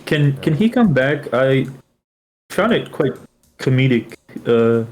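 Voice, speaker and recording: A man's voice: medium pitch, sing-song, slow, darkish tone, slight background noise. A man playing in a tabletop game, chatting casually and asking playful questions. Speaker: player.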